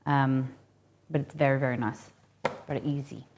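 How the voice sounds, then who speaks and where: A woman's voice: a bass voice, fairly even intonation, moderate pace, darkish tone, a little hiss or hum. A woman hosting a casual live cooking stream, chatting and thinking aloud with rambling asides as she works in a kitchen.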